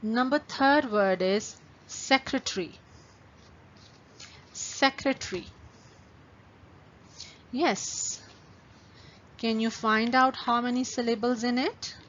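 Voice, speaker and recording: Slow, patient woman teaching young pupils. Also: fairly high pitch, a bit bright. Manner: slow, patient, stretches words syllable by syllable. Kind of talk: online class lesson for young pupils. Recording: dull lo-fi recording with faint ambient noise.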